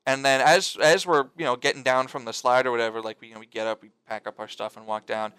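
Young man, casual storyteller, profane and rambling; bright tone, dry close sound. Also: medium pitch, steady tone, quick pace, smooth, no echo. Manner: rambling, profane, lots of fillers and restarts. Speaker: storyteller among friends. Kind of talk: casual chat.

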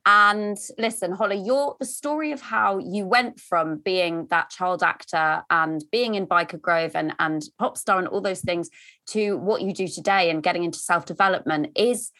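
A bright, clear-voiced woman hosts a podcast interview. She talks with gushing enthusiasm and often trips over her words. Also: on the low side, normal speed. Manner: enthusiastic and gushing, with laughs and stumbles. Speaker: podcast host. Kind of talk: conversational interview.

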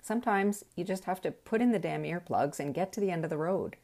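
A woman's voice: on the low side, lively intonation, fairly quick, hardly any pauses, darkish tone. A middle-aged woman telling a personal story in a wry, reflective way.

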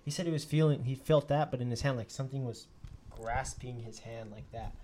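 A young man casually telling a story, swearing a lot and acting out the quotes of others with sudden jumps in his voice. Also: fairly quick. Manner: animated, profane, acts out quotes with sudden pitch jumps.

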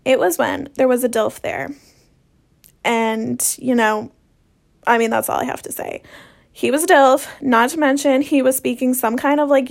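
A woman's voice: fairly high pitch, gravelly. A young woman telling stories in a casual monologue, swearing freely and sarcastic in a ranting way. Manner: profane, sarcastic, rant-like.

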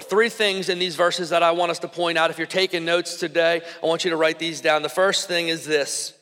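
A man in his thirties preaching a sermon, telling personal stories in an animated, conversational way with many fillers. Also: on the high side, a little fast, hardly any pauses. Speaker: pastor. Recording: echoey hall with long reverb.

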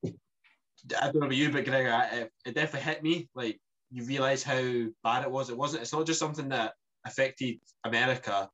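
A man's voice: mid-range voice, brisk, fairly bright tone, low-quality recording. A man chatting casually about a trip, rambling with many restarts. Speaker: podcast co-host. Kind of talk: casual travel chat.

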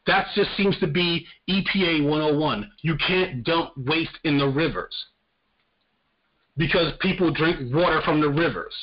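A podcast host with a fairly high, unhurried voice delivers casual political commentary as a heated, profane rant. The lo-fi audio sounds slightly muffled.

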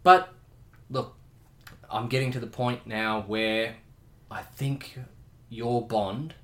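A man's voice: mid-range voice, takes it slowly, a bit bright. A man co-hosting a podcast in casual chat, telling stories in a theatrical, mock-dramatic way. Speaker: podcast co-host. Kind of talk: casual chat with comic storytelling.

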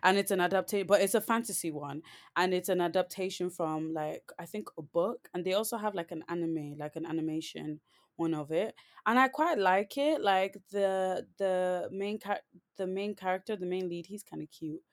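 A woman's voice: fairly low pitch, normal speed. A woman co-hosting a podcast, chatting casually and rambling, with many "like"s and restarts. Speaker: podcast co-host. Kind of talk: casual chat.

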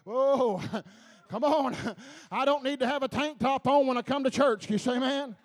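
A male preacher delivering a fervent sermon, halting with filler sounds, laughing and calling out to the congregation. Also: very high-pitched. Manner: fervent, repeats calls to the congregation, laughs between lines.

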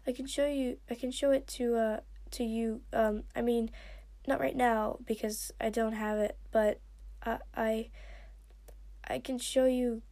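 A woman's voice: sits high, creaky, dark tone, voice pushed up, heavily acted. A woman voicing a shy young male dragon who stammers and restarts his sentences. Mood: nervous. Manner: stammering, halting.

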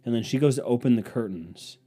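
A man's voice: medium pitch, brisk, mellow, breathy edge, soft background music. A man hosting his own podcast, delivering a profane, sarcastic, rambling comedic rant. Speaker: podcast host. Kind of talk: casual comedic monologue.

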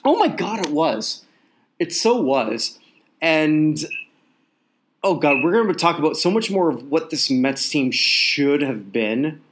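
A man's voice: a little high, sing-song, takes it slowly. A man co-hosting a sports podcast, rambling and joking with many restarts. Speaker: podcast co-host. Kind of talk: casual sports chat.

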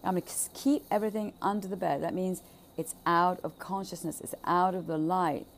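Emphatic woman with a gravelly voice. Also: on the low side, fairly even intonation, a little fast, slight background noise. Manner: emphatic, swearing, repeats phrases, swings between loud and hushed. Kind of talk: impassioned monologue on childhood trauma.

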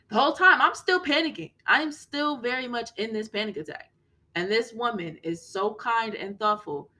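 A woman's voice: fairly high pitch, moderate pace, bright, forceful tone. A woman hosting a podcast, telling a personal story in an earnest, emphatic way and repeating key phrases for weight. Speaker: podcast host.

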